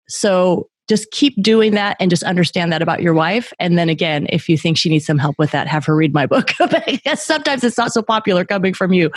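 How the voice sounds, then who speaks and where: A middle-aged woman speaking as a guest author in a podcast interview, telling lively stories and acting out the voices she quotes. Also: on the low side, no room sound, clean studio sound. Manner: lively storyteller who acts out quoted voices.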